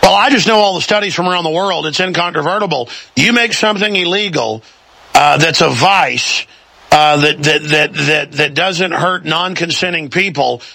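Intense high gravelly talk show host. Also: male voice, dry recording. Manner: fast, forceful, repetitive restarts. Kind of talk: political talk show conversation.

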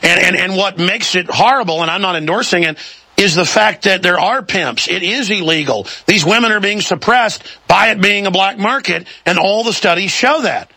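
A man hosting a political talk show, pushing his points hard with repeated restarts. His voice is high and gravelly with a sharp, forceful edge, recorded dry and close. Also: dry recording. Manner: fast, forceful, repetitive restarts.

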